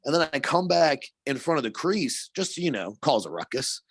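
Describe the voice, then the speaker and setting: Animated man, dry close sound. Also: a little high, normal speed, dry recording. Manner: animated storyteller, swears and laughs often. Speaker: podcast co-host. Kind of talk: casual chat.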